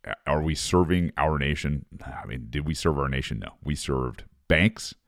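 A man's voice: very deep voice, moderate pace, no room sound, studio quality. A man, a former Marine, reading an article aloud and ranting over it in a profane, sarcastic casual monologue.

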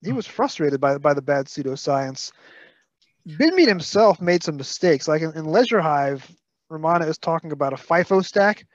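A man's voice: a little high, lively intonation, normal speed, dry recording, dull audio. A man with a Brooklyn accent co-hosting a podcast, full of detailed facts and playful scolding. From Brooklyn, New York. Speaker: podcast co-host. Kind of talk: casual podcast chat.

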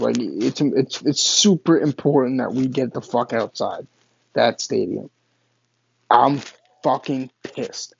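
A man's voice: medium pitch, darkish tone, lo-fi sound. A man, casually telling a personal story, swearing often and stumbling over restarts. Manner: profane, rambling, frequent restarts and stammers.

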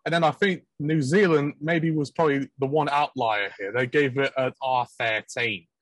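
A man's voice: mid-range voice, normal speed, fairly bright tone, no echo, low-quality recording. A British man co-hosting a casual chat, rambling and joking, now and then slipping into mock accents. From Britain. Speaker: podcast co-host.

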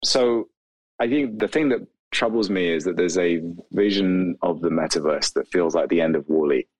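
A man, a video creator, talking casually in an interview with many "like" fillers and animated asides. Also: sits low, normal speed, dry recording, poor audio. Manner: rambling, animated, lots of "like" fillers.

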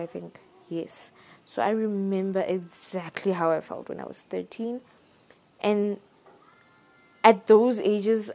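A young woman talking in a casual, reflective monologue, thoughtful and pausing to search for her words. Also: fairly low pitch, darkish tone.

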